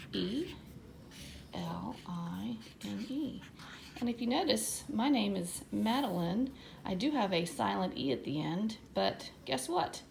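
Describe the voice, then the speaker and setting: A woman teacher giving a writing lesson to young children, reading example words slowly and with exaggerated emphasis. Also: fairly low pitch, gravelly, slight background noise. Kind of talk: early-grade writing lesson.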